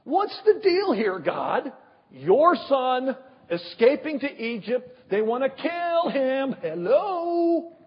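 Exasperated father pleading with God, put on by a male preacher, husky, sarcastic, high and swinging, dull echoey hall sound. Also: expressive, unhurried, exaggerated voice. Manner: indignant, sarcastic complaining.

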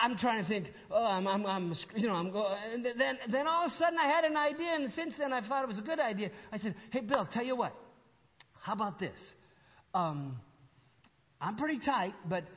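An older man preaches to a congregation, telling his story with animated back-and-forth dialogue and playful asides. His voice sits fairly high for a man. The sound is muffled and rings with a long church reverb. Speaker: pastor. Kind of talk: storytelling sermon. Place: church hall with audience.

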